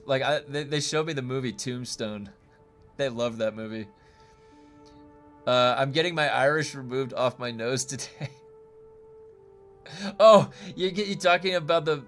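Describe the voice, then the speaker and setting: A man's voice: medium pitch, a bit bright. A man from the United States streaming a game and chatting casually with viewers, rambling with many fillers and restarts.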